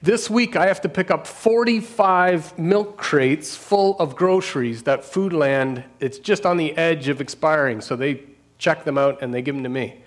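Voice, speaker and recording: A middle-aged man speaks in a voice a little higher than most men's. He tells a personal testimony as a pastor would, earnest and unscripted. He laughs often, trails off, and restarts his sentences as he goes. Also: a little slow. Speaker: pastor and street outreach worker.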